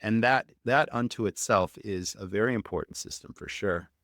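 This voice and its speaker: A man's voice: on the low side, moderate pace, fairly bright tone, no echo, studio quality. A man hosting a restaurant podcast, asking earnest, emphatic questions. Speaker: podcast host. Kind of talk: interview podcast.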